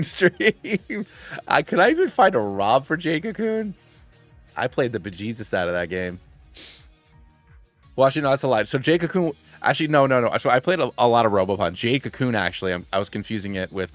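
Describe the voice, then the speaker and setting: Rambling streamer man, low voice. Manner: rambling, excitable, many restarts and tangents. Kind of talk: casual gaming stream chat.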